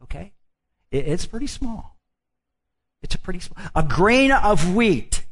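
A man delivers a sermon in a high voice that swings widely up and down. He speaks slowly and stretches key phrases for emphasis, often stopping to put questions directly to his listeners. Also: big pitch swings, a bit bright, breathy edge. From Midwestern United States. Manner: emphatic, drawn-out phrases, asks the congregation questions. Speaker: preacher.

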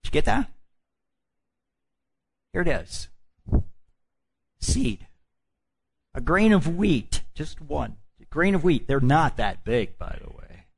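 A man delivers a sermon in a high voice that swings widely up and down. He speaks slowly and stretches key phrases for emphasis, often stopping to put questions directly to his listeners. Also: big pitch swings, vocal fry, husky. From Midwestern United States. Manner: emphatic, drawn-out phrases, asks the congregation questions. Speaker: preacher.

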